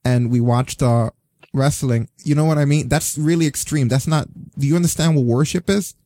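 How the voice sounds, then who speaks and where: A man's voice: on the high side, normal speed, warm tone, dry recording. A man talking in casual, opinionated podcast chat, blunt and sarcastic, swearing freely. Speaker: podcast co-host.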